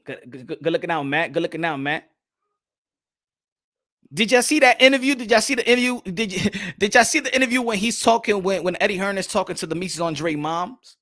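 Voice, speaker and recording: A young man hosting a boxing talk stream, animated and swearing freely as he reads the chat. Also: high voice, brisk. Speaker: boxing commentator host.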